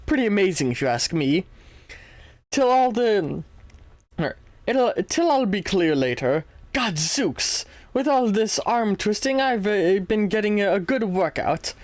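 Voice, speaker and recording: A man's voice: high voice, big pitch swings, unhurried, dry recording, pitched above the performer's own voice. Man doing a posh, chummy young British adventurer, hearty and eager, dry close recording. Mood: jovial. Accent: put-on British. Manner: hearty, chummy, stumbling over lines while reading aloud. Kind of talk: reading comic dialogue aloud in a character voice.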